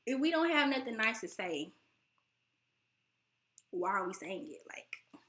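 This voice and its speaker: Speaking at an unhurried pace, a bright-voiced young American woman hosts a casual talking-to-camera chat. Her voice sounds close to tears, yet she stays animated, laughing and doing high-pitched impressions of relatives.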